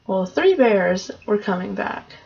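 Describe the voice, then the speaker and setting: A woman's voice: medium pitch, sing-song, slow pace, vocal fry, slightly rough. A woman casually retelling a fairy tale in a loose, conversational way, on a dull lo-fi recording. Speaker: storyteller.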